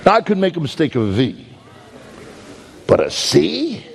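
Emphatic Brooklyn preacher in a reverberant hall. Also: male voice, wildly swooping pitch, normal speed, gravelly. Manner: storytelling, dramatic swings in pitch, emphatic. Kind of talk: sermon.

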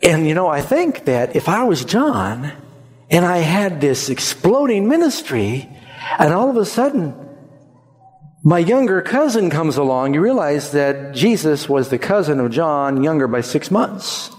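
A man preaching a sermon in an animated, conversational way, jumping up in pitch for emphasis. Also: measured pace, in a large hall.

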